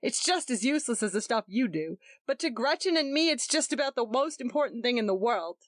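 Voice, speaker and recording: A woman's voice: fairly high pitch, lively intonation, brisk, dry recording, clean studio sound, voice pushed up, close to an everyday voice. A woman reading aloud voicing a tense young husband who speaks shortly, steadily and coldly. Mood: stern.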